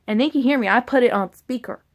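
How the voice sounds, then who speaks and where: A woman's voice: a little high, quick pace. A woman vlogger casually telling a personal story, rambling and candid, with some casual swearing.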